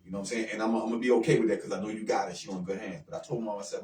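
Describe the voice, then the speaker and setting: A man telling a personal story in a quick, earnest, emotional way, often repeating himself. He sits a little away from the microphone in a roomy space with faint noise behind him. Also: on the low side, steady tone, a little mellow. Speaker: guest. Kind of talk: casual radio talk. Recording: roomy sound from far off the mic with faint noise.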